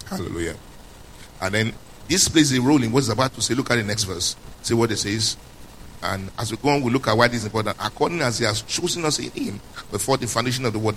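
A man's voice: medium pitch, a bit bright, slight background noise, rough recording. A man preaching a sermon who stresses his points, repeats them, and asks his listeners questions as he goes. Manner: emphatic, repeats key points, quizzes listeners. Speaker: pastor.

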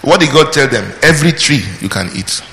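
A man's voice: a little high, lively intonation, a little fast, sharp tone. A man preaching a sermon, emphatic, asking the congregation questions, answering them himself, and calling out praise between points. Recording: long hall reverb with faint background noise.

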